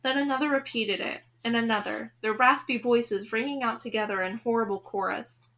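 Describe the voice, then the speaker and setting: A woman's voice: a little high, steady tone, moderate pace, few pauses, fairly bright tone. A woman hosting a podcast, reading a children's novel aloud with expression and speaking to the listener directly.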